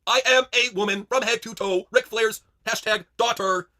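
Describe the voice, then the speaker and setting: A man voicing a vain, haughty woman wrestler on a blind date, speaking slowly and self-importantly. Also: sits high, fairly even intonation, sharp tone, voice pushed up. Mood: preening. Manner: slow, preening, self-important.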